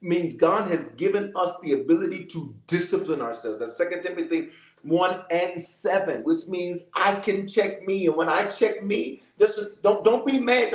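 A man's voice: sits high, animated, measured pace, reverberant, poor audio. A man preaching as a bishop, praying and calling out to the congregation, repeating his lines. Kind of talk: sermon with prayer.

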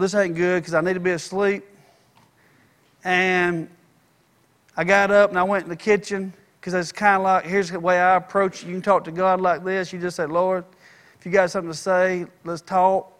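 Fervent high-voiced male preacher. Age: adult. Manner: fervent preaching, rising to shouts. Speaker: pastor. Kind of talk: sermon.

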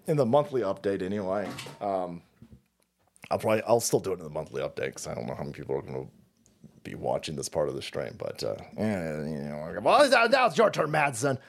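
A man's voice: lowish voice, big pitch swings, fairly quick. A middle-aged man hosting a livestream, rambling in casual, profane, self-mocking chat. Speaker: livestream host.

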